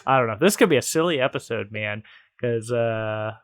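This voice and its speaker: A man hosting a casual podcast, playful and self-mocking, with loud bursts of hype. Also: mid-range voice, normal speed, smooth, no echo, studio quality. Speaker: podcast host.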